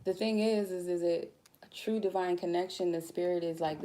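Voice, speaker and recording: A woman's voice: lowish voice, fairly even intonation, moderate pace, dark tone. A woman tarot reader giving a casual spiritual talk, blunt and goofy, swearing freely.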